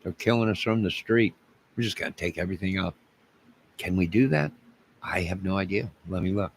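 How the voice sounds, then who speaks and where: Gravelly low-voiced man rambling on camera. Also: fairly quick, slight background noise, poor audio. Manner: rambling, digressive, with frequent restarts. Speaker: YouTube channel host. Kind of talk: rambling solo vlog.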